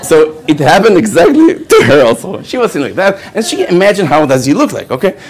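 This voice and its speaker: A man's voice: high-pitched, big pitch swings, brisk, few pauses, slight background noise. A man with an Israeli accent, a rabbi giving a storytelling lecture, laughing often and checking in with "okay" as he goes. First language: Hebrew.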